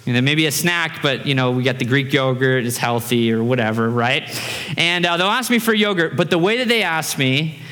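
Lively bright-voiced male pastor preaching. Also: mid-range voice, normal speed. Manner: animated, conversational, acts out voices in anecdotes. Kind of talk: sermon. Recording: reverberant hall.

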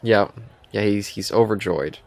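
A man's voice: on the low side, a little slow. A man co-hosting a podcast, chatting casually about a TV episode and retelling scenes with quoted lines and frequent laughs. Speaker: podcast co-host. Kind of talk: casual chat reviewing a TV episode.

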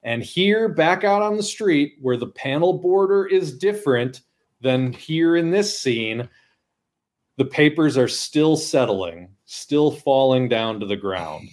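A man co-hosting a podcast, chatting casually and enthusiastically about comic art, breaking into excited exclamations. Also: fairly high pitch, takes it slowly. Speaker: podcast co-host.

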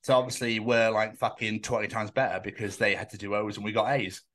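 A man's voice: on the low side, fairly even intonation, fairly quick, a bit bright. A man from England hosting a podcast, chatting casually with lots of swearing and jokes. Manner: sweary, jokey, rambling. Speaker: podcast host. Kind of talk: casual chat.

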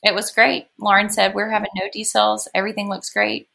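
Chatty woman with a gravelly edge. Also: mid-range voice, flat delivery, fairly quick, sharp tone. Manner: chatty, laughs often between sentences. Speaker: podcast guest. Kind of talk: casual storytelling.

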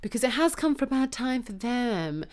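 Her voice is on the high side, clear and resonant, moving at normal speed. As a podcast co-host in a heated casual talk, she swears freely and argues with passion and animation.

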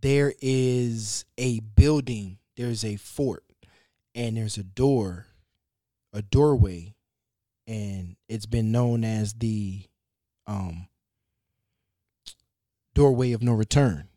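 A man's voice: lowish voice, dry recording. Loose, swearing storyteller man in a dry room. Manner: loose and animated, with slang and cursing; halting, with frequent restarts. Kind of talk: casual conversational storytelling.

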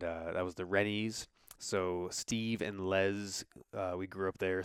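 A man's voice: on the low side, smooth, no room sound. A man hosting a podcast, talking casually and upbeat, rambling with fillers into a close mic. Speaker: podcast host.

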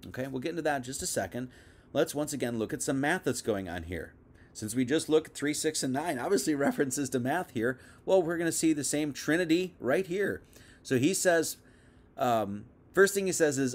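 A young man leads a loose, talky Bible lesson in a slightly higher-than-usual voice. He wanders into asides and restarts, teaching as if chatting with viewers on a livestream. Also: lively intonation, normal speed. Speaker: preacher. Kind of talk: casual teaching sermon.

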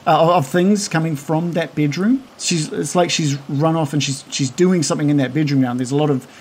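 A man narrating a tabletop game as game master, slow and halting with many pauses, over a video call. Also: a little high, darkish tone, slight background noise.

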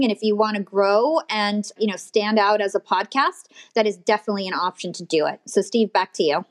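A woman hosts a podcast news show in the middle of her pitch range. She lays out industry updates in a steady, informative way, with the odd casual filler. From United States.

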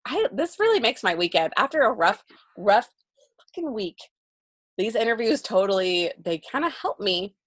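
A woman co-hosting a podcast, chatting casually in a middle-pitched voice. She gushes and agrees readily, with a warm, openhearted way of talking. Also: sing-song, normal speed. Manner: warm, gushing, full of agreement. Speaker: podcast co-host. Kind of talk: casual chat.

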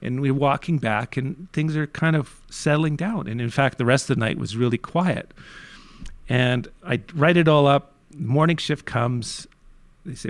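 A man's voice: mid-range voice, unhurried, no echo. Candid, emphatic Canadian man telling his story. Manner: animated, swings between quiet and emphatic, frequent restarts.

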